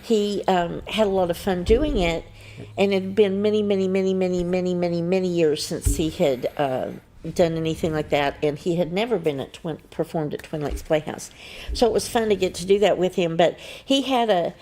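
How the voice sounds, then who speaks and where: A middle-aged woman co-hosting a local morning show, telling a story with lively quoted voices. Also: normal speed, slight background noise. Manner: animated storyteller, jumps up in pitch acting out quotes. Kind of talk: casual chat, telling a funny story.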